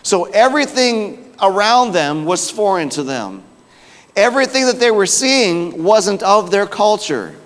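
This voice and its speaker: A man preaching a sermon in a conversational, storytelling way, dropping his voice low for emphasis. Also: expressive, unhurried, fairly bright tone, in a large hall.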